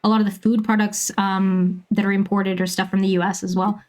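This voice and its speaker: A woman around thirty from Bermuda, chatting casually with viewers while she plays a game, laughing often and filling pauses with ums. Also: mid-range voice, flat delivery, a little mellow. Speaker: streamer.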